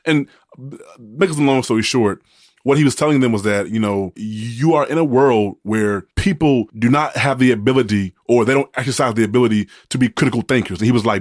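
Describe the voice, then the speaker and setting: A man's voice: medium pitch, brisk, no room sound, studio quality. A man co-hosting a podcast in casual chat, telling stories with many restarts and the odd joke. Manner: rambling storyteller with many restarts, jokey. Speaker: podcast co-host.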